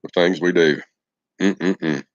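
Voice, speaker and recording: A folksy, affectionate man talks casually to his viewers on a live stream and greets them by name. His voice sits on the low side. The audio is dull and lo-fi. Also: fairly even intonation, takes it slowly.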